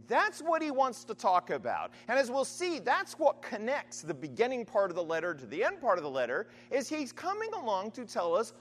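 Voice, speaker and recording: A man preaching a sermon in a conversational, animated way, often checking in with the listeners. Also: very high-pitched, normal speed, few pauses, in a large hall. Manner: animated, conversational, frequent "right?" asides.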